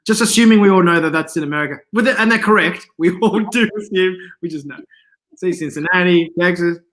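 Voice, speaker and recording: A man, a comedian guest in a casual interview, telling animated anecdotes and laughing often. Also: sits high, a little fast. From Australia.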